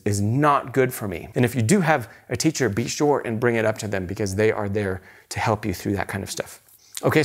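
Patient, encouraging male piano teacher. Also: mid-range voice. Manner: patient, encouraging explanations with rhetorical questions. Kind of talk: instructional piano lesson.

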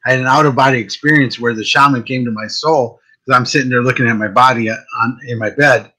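A man with a fairly deep voice and a bright, forceful tone, hosting a casual chat. He tells stories in an animated way, restarting and repeating words as he goes. His pitch sits in an ordinary middle range. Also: fast, slightly rough, poor audio. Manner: animated storytelling, often repeats words at the start of a thought. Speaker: host, psychic medium.

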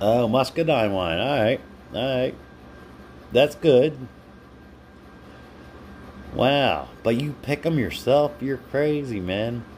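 A man's voice: mid-range voice, lively intonation, takes it slowly, pauses often, a little mellow, slight background noise. A man hosting a casual live stream, chatting with viewers by name and laughing often while he reads their comments. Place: home.

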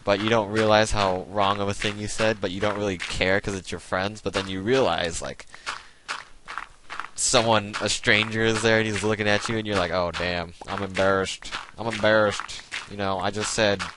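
A man's voice: fairly low pitch, steady tone, moderate pace, background noise. A young man rambling through jokey tangents while playing a video game. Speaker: gaming video host. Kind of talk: rambling let's play commentary.

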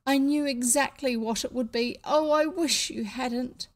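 A woman reading aloud, voicing the youngest girl, tearful and indignant, in a raised, sobbing voice. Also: a little slow. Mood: upset. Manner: high and sobbing.

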